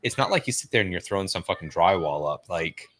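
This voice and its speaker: A young man with a low voice and a bright, forceful edge, riffing casually through a watch party. He talks loose and jokey, swears freely and calls people "dog" and "bro." It sounds like relaxed co-host banter. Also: quick pace. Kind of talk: casual commentary over a film.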